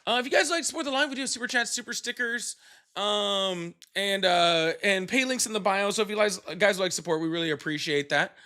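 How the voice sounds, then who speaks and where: A man with a high, bright, forceful voice hosts a casual livestream chat. He jokes and teases the callers and laughs often. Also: brisk, clear, resonant tone. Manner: joking, teasing, laughs often. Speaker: livestream co-host.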